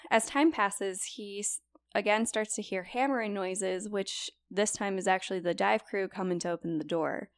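Young woman, podcast co-host, casual storytelling, gravelly voice, dry close sound. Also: mid-range voice, normal speed, no room sound. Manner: chatty, many likes and you-knows, lively retelling.

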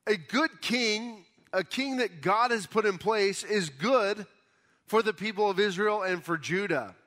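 Higher-voiced man preaching a sermon. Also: a little slow, pushed and bright. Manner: casual, explanatory, retells scripture in everyday words. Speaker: pastor. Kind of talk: conversational Bible teaching sermon.

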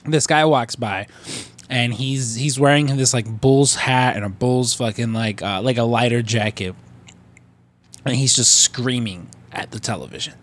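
A man's voice: mid-range voice, measured pace. A man co-hosting a podcast, telling a story in a casual, rambling way full of fillers and cursing. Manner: rambling, profane, filler-heavy. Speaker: podcast co-host.

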